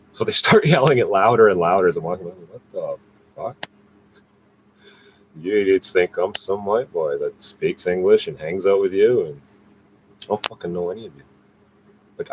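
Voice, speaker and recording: A man's voice: low voice, a little mellow. Guy venting to his cam, lots of swearing, muffled lo-fi sound, bit of background hiss. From Canada. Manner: profane, agitated ranting. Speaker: vlogger. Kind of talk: rambling monologue to camera. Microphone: device camera mic. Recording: dull lo-fi with faint noise.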